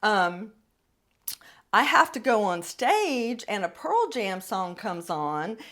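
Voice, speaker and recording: A middle-aged woman hosting a podcast, telling a personal story in a blunt, profane, animated way. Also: medium pitch, slow pace. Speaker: podcast host. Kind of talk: casual storytelling monologue.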